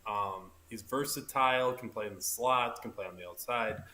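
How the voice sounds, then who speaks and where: A man's voice: fairly low pitch, moderate pace, bright, forceful tone. A man co-hosting a casual fantasy football podcast, stumbling and repeating words as he thinks. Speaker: podcast co-host. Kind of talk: casual sports chat. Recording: echoey room with faint noise.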